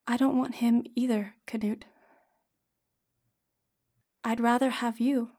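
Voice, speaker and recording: A woman's voice: on the high side, steady tone, moderate pace, lightly acted. A woman reading the lines of a vain, hot-tempered young woman in a storybook tale. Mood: frightened, pleading. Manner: sharp, scornful, then pleading.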